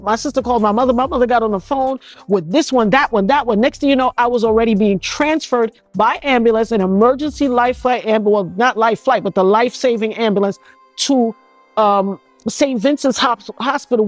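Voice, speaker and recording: A middle-aged woman from New York City recounting being shot, in an animated, emotional storytelling manner full of restarts. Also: on the high side, no echo. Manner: animated, acts out others' voices, frequent restarts. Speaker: interviewee recounting a shooting.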